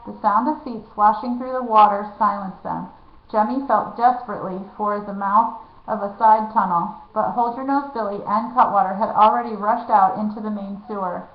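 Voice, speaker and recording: A woman reading a children's novel aloud, lively and dropping to a hush in tense moments. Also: medium pitch, normal speed. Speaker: reader. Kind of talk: storybook reading. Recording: echoey, dull lo-fi room.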